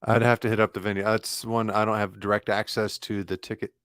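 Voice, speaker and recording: A man chatting on a punk podcast in a dry, matter-of-fact way. His voice sits low for a man. The sound is close and dry. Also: level tone, a little fast, a bit bright, no echo. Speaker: podcast co-host. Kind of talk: casual chat.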